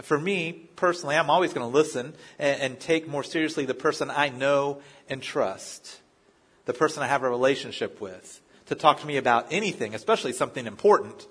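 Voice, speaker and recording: A male pastor preaching a sermon with a slightly husky voice. He speaks in a conversational style, telling personal stories. He often restarts his phrases as he goes. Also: medium pitch, fairly bright tone. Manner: conversational, story-driven preaching with frequent restarts.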